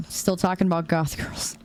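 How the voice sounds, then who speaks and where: Slow-talking young woman streamer, chatty. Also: fairly low pitch, a little mellow, slight background noise. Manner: laughs often, talks back to chat. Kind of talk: casual chat while gaming.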